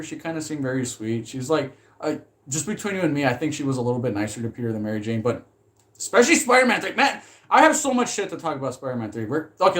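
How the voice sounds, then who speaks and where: A male streamer talks loosely and excitedly about movies, with lots of fillers and swearing. His voice sits at an everyday middle pitch for a man. The delivery is unscripted and wandering. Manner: rambling, heavy use of "like", swears when excited. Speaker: streamer reviewing films. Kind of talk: casual live-stream chat.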